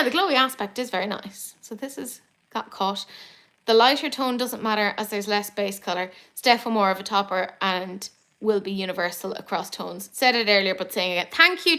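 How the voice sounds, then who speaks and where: A woman's voice: mid-range voice, sharp tone. An Irish woman hosting a casual live makeup chat from home, rambling into self-deprecating asides. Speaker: beauty YouTuber host.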